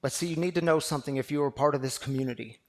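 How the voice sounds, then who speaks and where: A man's voice: fairly high pitch, racing, a little hiss or hum. Fervent male pastor preaching a sermon. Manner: builds from quiet storytelling to loud, fervent preaching. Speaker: pastor and executive director of a recovery community. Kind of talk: sermon with personal story.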